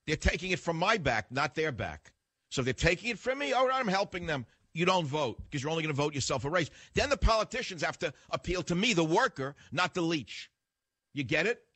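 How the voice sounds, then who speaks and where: A man's voice: fairly high pitch, a bit bright, husky, no echo. An older man hosting a talk radio show, delivering a combative, lecturing monologue straight at the listener.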